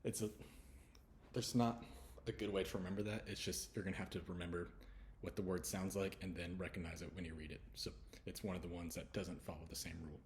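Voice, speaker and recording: A man from Houston, teaching letter sounds in a relaxed lesson and slowly repeating each sound. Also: low-pitched, slight background noise. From Houston, Texas. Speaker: English pronunciation teacher. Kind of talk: casual spoken lesson.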